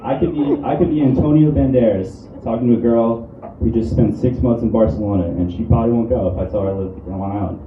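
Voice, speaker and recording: A young man from the New doing a stand-up set in a comedy club, deadpan and halting, with many ums and restarts. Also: medium pitch, lo-fi sound. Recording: roomy club audio from a distant mic with room noise.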